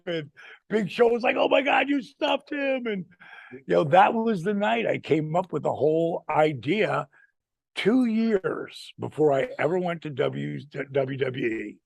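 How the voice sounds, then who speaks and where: A man's voice: high voice, lively intonation, a little slow, gravelly, dry recording. A man in his sixties telling a wrestling-road story in a casual chat, acting out the people he quotes and swearing freely. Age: 60s. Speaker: retired wrestler telling stories.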